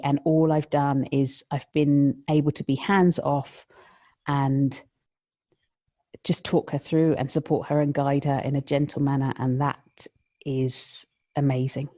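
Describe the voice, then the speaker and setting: A woman with a low, mellow voice speaks as a lactation consultant on a podcast. She talks in a heartfelt, emotional way, at times dropping almost to a whisper. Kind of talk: podcast conversation.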